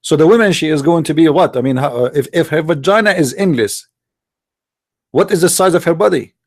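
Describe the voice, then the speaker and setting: A man's voice: a little high, fairly quick. A man hosting an online stream, mocking his opponents with sarcastic, taunting rhetorical questions into a computer mic. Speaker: live-stream host debating callers. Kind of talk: mocking polemic monologue.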